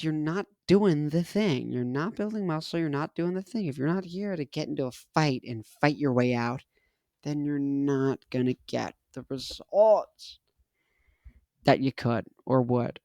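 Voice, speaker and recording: A man's voice: mid-range voice, darkish tone, no room sound. A man in his twenties, hosting a casual monologue, talking in an emphatic, repetitive, punchy way. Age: 20s. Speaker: host.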